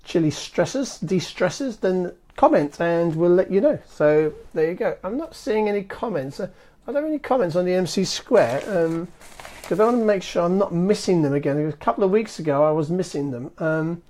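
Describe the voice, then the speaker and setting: A man's voice: high-pitched, lively intonation, normal speed, a little mellow. Chatty man rambling on a live stream. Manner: rambling and chatty, full of fillers and restarts. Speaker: marketing agency host of a live stream. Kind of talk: casual live-stream chat. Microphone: phone.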